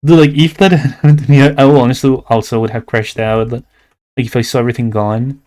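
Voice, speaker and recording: A man's voice: medium pitch, steady tone, brisk, darkish tone. A young man from Latin America with a Latin American Spanish accent, chatting casually and playfully on a livestream while he draws, rambling with lots of "like". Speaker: streamer and artist.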